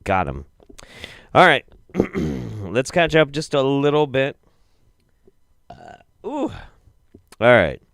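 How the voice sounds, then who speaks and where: A young man hosting a comedic video roundup, reacting with profane, exasperated commentary that swings between low mutters and loud outbursts. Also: huge pitch swings, slow pace, long pauses, dry recording. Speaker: show host.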